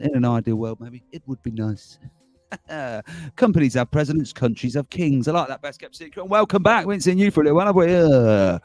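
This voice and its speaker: A man's voice: medium pitch, darkish tone, dry recording. A man hosting a casual livestream, rambling and chuckling as he reads out viewer comments. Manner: chuckling, rambling, self-mocking. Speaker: livestream host.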